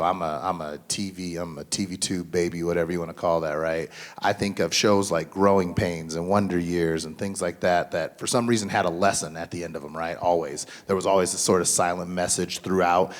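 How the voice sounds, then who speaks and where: A man in his thirties or forties speaking at a school mental health symposium, earnest and conversational with many fillers and restarts. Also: low-pitched. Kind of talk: symposium panel talk. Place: school event.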